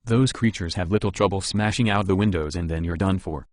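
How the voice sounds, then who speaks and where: A man's voice: deep voice, fairly quick, no room sound, clean studio sound, natural voice. A man voicing a talkative, grateful engineer in an audiobook. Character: eager middle-aged male engineer, talkative.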